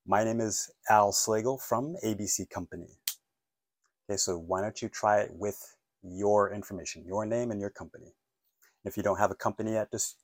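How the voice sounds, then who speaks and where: A man's voice: on the low side, darkish tone, dry recording, studio quality. A man teaching a phone-English lesson, encouraging and checking in often with "okay?" and "right?".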